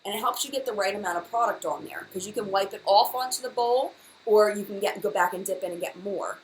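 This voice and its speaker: A woman's voice: medium pitch, fast talker, a little hiss or hum, low-quality recording. A woman hosting a casual live-stream makeup chat, gushing and enthusiastic, often repeating herself. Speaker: beauty vlogger, live chat host.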